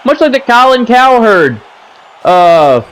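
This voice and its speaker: A man giving casual, ranting commentary over his own gameplay footage, seated at a home setup, repeating himself and punctuating plays with "boom". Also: very animated, takes it slowly, a bit bright, poor audio. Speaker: gaming commentator.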